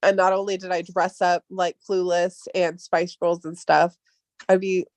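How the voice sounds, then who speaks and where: A young woman with a light Valley Girl lilt talks casually, sprinkling "like" and the odd swear word. She laughs often and leaps up in pitch when she mimics others. The recording is close and dry, with no room sound. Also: little pitch movement, moderate pace, no room sound. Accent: Californian Valley Girl. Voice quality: upspeak, peppered with "like", swears casually. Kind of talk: casual chat.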